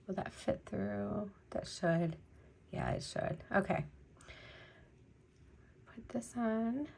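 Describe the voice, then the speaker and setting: A woman's voice: medium pitch, takes it slowly, vocal fry, a little mellow, slight background noise. Beading host, woman, middle-aged, loose chatty delivery full of fillers. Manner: chatty, many fillers, rambling. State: choked up, teary. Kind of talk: casual chat while beading.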